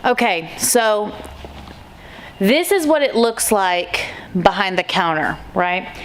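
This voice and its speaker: A woman's voice: mid-range voice, slow, a little hiss or hum. A woman hosting a casual vlog, speaking candidly with restarts as she walks through her own small retail store. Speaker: vlog host, store co-owner.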